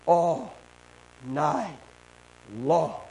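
A man preaching a sermon, calling for amens and building up to shouting. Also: on the high side, lively intonation, extremely slow, vocal fry, a little hiss or hum. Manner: call-and-response, building to shouting.

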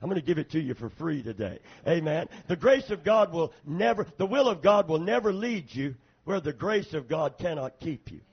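A male pastor preaches from the pulpit with a high, slightly husky voice, pulling frequent amens from his congregation. He drifts between soft, confiding asides and loud, fervent stretches of prayer. The church recording sounds dull and lo-fi, like an old sermon tape. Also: very animated, normal speed, few pauses. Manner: preaching with frequent calls for amen.

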